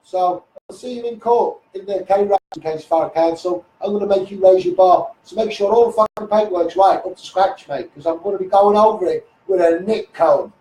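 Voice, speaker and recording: A man's voice: high-pitched, a little fast, hardly any pauses, warm tone, roomy sound, far from the mic, rough recording. A middle-aged man with a Liverpool accent, ranting bluntly at officials on a live stream and swearing as he goes. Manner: blunt, combative, swearing, addressing officials directly. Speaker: social media campaigner. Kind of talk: angry Facebook Live rant.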